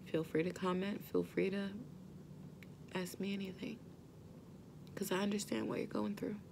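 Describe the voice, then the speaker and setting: A mother vlogging straight to her viewers, earnest and gentle, reassuring them that they are not alone. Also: medium pitch, flat delivery, moderate pace, vocal fry, noisy background. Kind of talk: heartfelt direct-to-camera talk.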